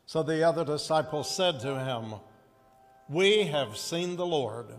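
A man preaches in a slow, deliberate cadence, pausing to ask the congregation to repeat lines back to him. His voice sits a little high for a man. The sound carries a long hall reverb with faint music underneath. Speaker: pastor. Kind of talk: sermon with scripture reading.

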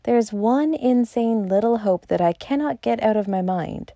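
A woman doing a quiet, grim inspector. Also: mid-range voice, unhurried, dry recording, highs cut off, lightly acted. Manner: quiet, stony. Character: grim, hopeless male police inspector.

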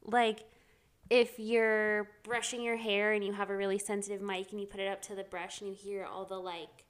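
A woman's voice: mid-range voice, level tone, normal speed, clean tone. A woman co-hosting a podcast in casual chat, talking loosely and filling her speech with "like". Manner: chatty, fills speech with "like", laughs often. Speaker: podcast co-host.

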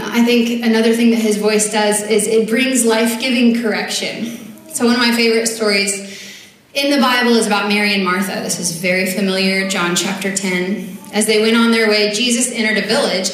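A woman's voice: medium pitch, a bit bright, far from the mic. A woman preaching in an earnest, conversational way with casual filler words, reading scripture aloud in a church. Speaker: speaker at a church service. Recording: very echoey church hall.

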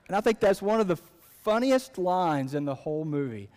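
A man's voice: sits high, expressive, normal speed, hardly any pauses, darkish tone. A man preaching a sermon as pastor in a conversational, joking way, recorded in a church sanctuary. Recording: long hall reverb.

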